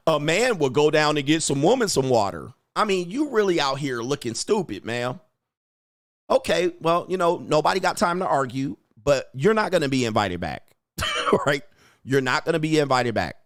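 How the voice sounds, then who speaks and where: A man's voice: big pitch swings, normal speed, a bit bright, dry recording. Blunt, lecturing man with a dry sound. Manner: acts out quoted women in a higher voice. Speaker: host. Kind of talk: livestream commentary.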